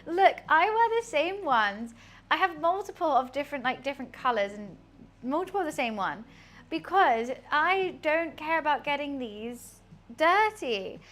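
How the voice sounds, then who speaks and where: A woman's voice: sits high, big pitch swings, measured pace, fairly bright tone. A young woman chatting casually on a cooking live stream, rambling through asides in her home kitchen.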